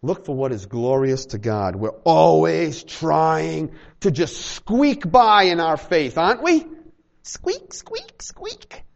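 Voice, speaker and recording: A man's voice: on the high side, takes it slowly, creaky, few pauses, muffled recording. A man preaching a sermon to a small congregation, acting out little dialogues and joking with the room. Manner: animated, acts out little dialogues, jokes with the congregation. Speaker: pastor.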